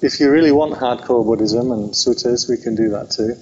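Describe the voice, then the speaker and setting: A man's voice: medium pitch, fairly quick, darkish tone. English guy teaching buddhism, chatty and joking at himself, kinda muffled lo-fi recording with a faint hiss. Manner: chatty, self-deprecating humor. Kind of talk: informal dharma talk. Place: meditation centre hall.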